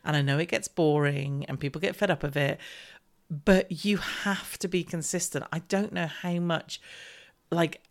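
A woman's voice: low-pitched, measured pace. A middle-aged woman, hosting a solo podcast as a business coach, talking directly and emphatically and repeating her key points.

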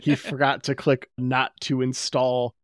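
A man's voice: mid-range voice, flat delivery, measured pace, no echo, studio quality. Wry, foul-mouthed man co-host. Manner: wry, swears casually. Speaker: podcast co-host. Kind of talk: casual episode recap chat.

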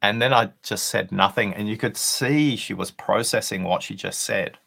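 A man being interviewed as a podcast guest, telling a workplace anecdote in a deliberate, conversational way with pauses for effect. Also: lowish voice, creaky, fairly bright tone, breathy edge. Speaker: podcast guest, listening expert.

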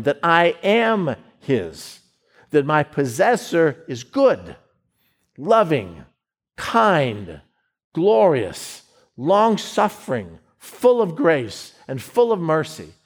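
A man's voice: on the high side, big pitch swings, slow pace. A middle-aged man preaching a sermon, emphatic, often stumbling over repeated words as he builds his point.

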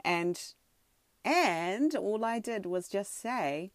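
A woman excitedly telling a personal story from home, full of fillers and restarts. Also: medium pitch, very slow, no room sound. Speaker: podcaster sharing a personal story. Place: home, sitting on a tatami floor.

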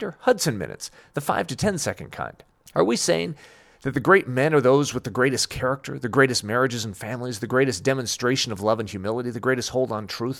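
A man's voice: mid-range voice, gravelly, fairly bright tone. A man delivering a scripted Christian radio commentary, telling a story about his son and then preaching earnestly.

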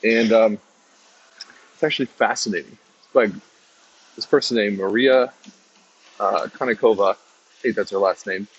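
A man hosts his own podcast in a loose, rambling way, stopping and restarting his sentences as he goes. His voice sits low and a little husky. The recording sounds dull and lo-fi. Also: moderate pace, long pauses. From American South. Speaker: podcast host. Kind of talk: casual motivational talk.

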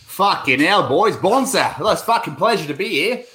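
A man's voice: high voice, expressive, moderate pace, bright, forceful tone, voice pushed up. A man voicing a boisterous, crude male Australian bloke in a put-on Australian accent, full of slang, on a comedy podcast. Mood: rowdy.

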